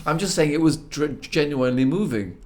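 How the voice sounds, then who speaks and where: A man's voice: a little high, animated, fairly quick. A man with an Irish accent, a podcast guest chatting casually and telling rambling, sweary stories with many restarts. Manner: rambling, sweary storyteller who restarts his sentences. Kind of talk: casual chat.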